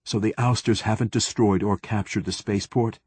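A man's voice: fairly low pitch, fairly even intonation, a little fast, a little mellow, husky, dry recording. A man voicing a male consul, a diplomat speaking urgently.

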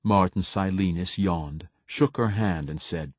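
A man reading a novel aloud as an audiobook narrator, in a measured, even storytelling manner. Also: deep voice, breathy edge, no echo. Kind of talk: scripted narration.

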